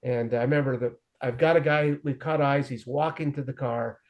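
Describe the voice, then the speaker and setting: This middle-aged man talks at a normal speed in a medium-pitched voice with fairly even intonation, and the recording's highs are cut off. Appearing as an interview guest, he shares his recovery openly with self-deprecating humor.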